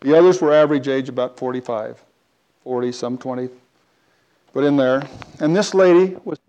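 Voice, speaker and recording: A man telling a personal story in a talk, animated, with big swings between loud and quiet. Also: medium pitch, normal speed, lo-fi sound.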